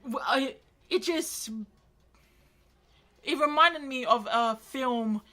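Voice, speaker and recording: A woman co-hosting a casual podcast rambles through retold stories, filling her speech with lots of filler words. Her voice sits high with a sharp tone, and she speaks slowly.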